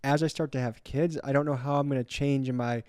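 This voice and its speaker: A young man talking casually on a podcast, earnest and animated, dropping into quoted voices mid-story. His voice sits in a medium range and sounds close and dry on a studio mic, with no room around it. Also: medium pitch, fast talker, clear, resonant tone, no room sound. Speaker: guest, documentary filmmaker.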